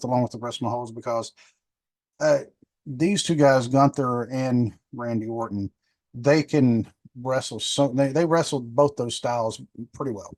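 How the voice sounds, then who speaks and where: A fifty-something man hosts a solo podcast review, rambling and chatty, correcting himself constantly amid many ums and restarts. His voice is medium-pitched, and there's no room sound.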